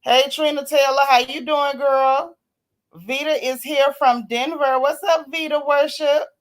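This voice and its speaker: A woman's voice: sits high, steady tone, unhurried. Worn-out, folksy woman hosting a livestream. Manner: folksy, teasing, calls viewers sis and child. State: sick, worn out. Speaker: livestream host. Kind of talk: casual livestream chat, greeting viewers.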